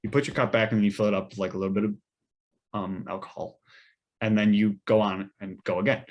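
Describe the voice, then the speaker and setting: A man's voice: on the low side, fairly even intonation, fast talker, darkish tone, dull audio. A young man, a podcast co-host, telling a rambling weekend story in casual chat with lots of fillers and restarts.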